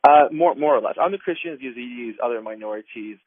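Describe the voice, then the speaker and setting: A mid-range male voice comes through a tinny phone connection as an advocacy group director is interviewed on the radio. He talks quickly and earnestly, stumbling into fillers and restarting his thoughts.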